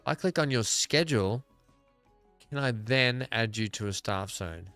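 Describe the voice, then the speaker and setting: A man's voice: mid-range voice, expressive, a little slow, a bit bright, smooth, no echo, faint music behind. An Australian man giving casual, rambling gameplay commentary, thinking aloud as he plays. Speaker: gaming video creator.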